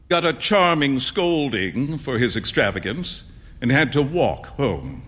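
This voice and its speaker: A man narrating a classic story aloud with an expressive, storybook delivery. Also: medium pitch, breathy edge.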